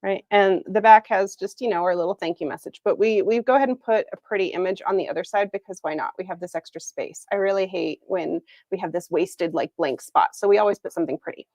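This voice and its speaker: A woman's voice: medium pitch, quick pace, few pauses, a little mellow, dry recording. A woman hosting a casual livestream product reveal, chatty and upbeat, laughing often. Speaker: planner shop owner hosting a livestream. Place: Arizona.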